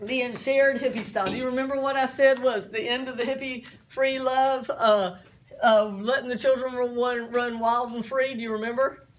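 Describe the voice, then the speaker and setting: A woman's voice: on the high side, steady tone, moderate pace. A middle-aged woman teaching a class, chatty and full of stories, often asking the students questions.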